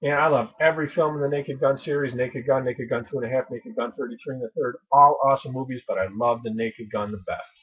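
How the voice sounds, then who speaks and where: A man's voice: mid-range voice, fairly even intonation, fast, hardly any pauses, narrow, tinny audio. A man vlogging casually about his favorite movies, rambling and enthusiastic with many fillers. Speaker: prepping channel vlogger. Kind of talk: casual movie list chat.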